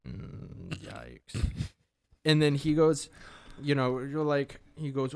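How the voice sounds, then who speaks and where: A man's voice: mid-range voice, sing-song, a little slow, vocal fry, a little mellow, dry recording. A man co-hosting a podcast, telling work anecdotes in a rambling, casual way with many restarts. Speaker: podcast co-host. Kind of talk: casual storytelling chat.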